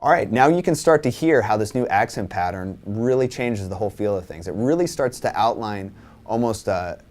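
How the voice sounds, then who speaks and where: Guy teaching drums, lowish voice, counts the beats out loud, keeps saying right?, faint hiss behind. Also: animated, moderate pace. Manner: counts rhythms aloud while explaining; casual, repeats "right?" and restarts. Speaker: drum teacher. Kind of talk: instructional lesson.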